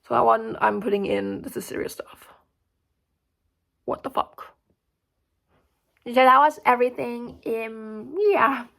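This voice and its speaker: A young woman vlogging in a rambling, casual way, full of fillers and swearing, swinging between loud outbursts and mumbled asides. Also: on the high side, gravelly. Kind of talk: casual chat to camera.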